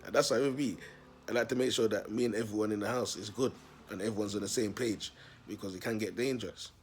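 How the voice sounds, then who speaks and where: A young man telling a story in a casual vlog, animated and slangy, laughing often. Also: lowish voice, quick pace, a little hiss or hum. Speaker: self-styled prophet vlogger.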